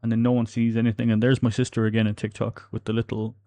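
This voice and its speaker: A man's voice: mid-range voice, completely flat delivery, fast talker, dark tone, dry recording. A man with an Irish accent from the Republic of Ireland, streaming a game and chatting casually with viewers, reading their comments aloud and laughing often. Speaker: livestreamer. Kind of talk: casual chat while gaming.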